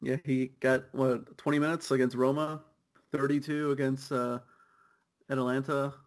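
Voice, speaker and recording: A man's voice: medium pitch, flat delivery. A young man co-hosting a soccer podcast, chatting casually and riffing with easy laughs. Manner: laid-back, quick riffing with laughs. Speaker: podcast co-host.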